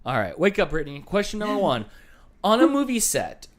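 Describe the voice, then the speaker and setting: A man's voice: sits high, wildly swooping pitch. A man hosting a live trivia game show, bantering and punning with callers. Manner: jokey, teasing, quick puns.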